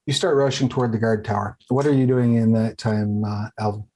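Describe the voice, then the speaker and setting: A man's voice: on the low side, steady tone, warm tone. A man running a tabletop game as game master, narrating casually with many fillers and restarts. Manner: casual, halting, lots of fillers.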